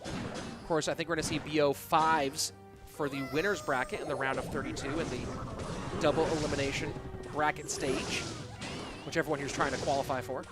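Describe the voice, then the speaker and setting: A man's voice: a little high, fairly even intonation, a little fast. A man casting a live esports match, chatting casually and answering viewers between plays. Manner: chatty, reads and answers chat while casting. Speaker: esports caster. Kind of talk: live game commentary. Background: music.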